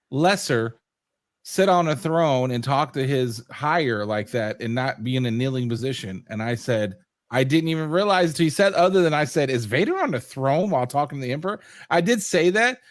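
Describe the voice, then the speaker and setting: Animated man with a dry close sound. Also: fairly high pitch, no room sound. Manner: animated, swears freely, acts out quotes. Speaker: podcast host. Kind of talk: casual chat.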